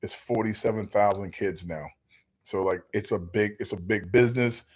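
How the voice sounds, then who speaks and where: A middle-aged man and former football player, telling stories as a guest in a relaxed interview, rambling and acting out the voices of people he quotes. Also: fairly low pitch, moderate pace, lo-fi sound. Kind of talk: storytelling in a casual interview. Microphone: video call.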